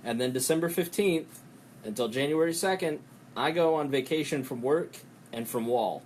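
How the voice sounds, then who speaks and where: A man hosting a podcast, talking in a rambling, profane way and breaking into quick impressions. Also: on the high side, darkish tone, slight background noise. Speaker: podcast host. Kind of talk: casual podcast chat.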